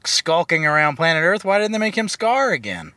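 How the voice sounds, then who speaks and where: A man's voice: fairly high pitch, very animated, a little fast, bright, forceful tone, no room sound. A man co-hosting a movie podcast in casual chat, sarcastic and profane, ranting his opinions. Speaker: podcast co-host.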